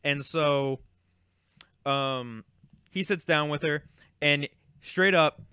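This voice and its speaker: A man's voice: on the high side, slow, bright, forceful tone, smooth, dry recording, studio quality. A young man casually telling a long, rambling, exasperated story about a card game tournament, with frequent fillers and swearing. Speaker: YouTube card game creator.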